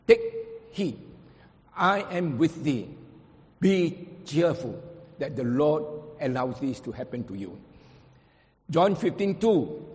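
A man delivers a sermon to a congregation, speaking emphatically and reading scripture in old-fashioned phrasing. His voice sits fairly high. The long reverb of a large hall trails behind his words. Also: darkish tone. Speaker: preacher.

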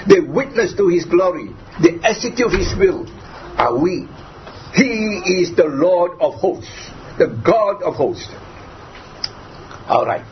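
A man preaching a sermon, driving points home through repetition and rhetorical questions. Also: on the high side. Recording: dull lo-fi recording, faint background noise.

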